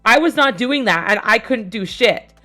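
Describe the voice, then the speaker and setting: A young woman streamer casually telling a tabletop game story, rambling with fillers and casual swearing, growing more animated as it goes. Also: fairly high pitch, normal speed, faint music behind. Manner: gets louder and more animated as the story builds.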